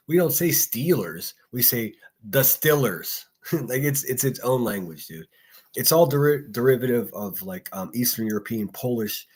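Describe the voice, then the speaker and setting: Husky-voiced man chatting casually on a livestream. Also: medium pitch. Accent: faint Pittsburgh. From Pittsburgh. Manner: profane, rambling, chatty with frequent fillers. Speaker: livestream host. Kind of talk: casual solo livestream commentary.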